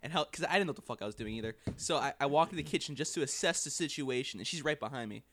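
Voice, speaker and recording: A young man telling a story among friends in a casual, animated way, laughing and swearing. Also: mid-range voice, racing, slight background noise.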